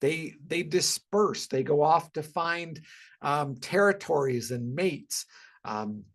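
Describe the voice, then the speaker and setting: A man's voice: on the high side, slow pace, fairly bright tone. A man giving a casual educational webinar talk about wildlife, conversational and full of ums and restarts.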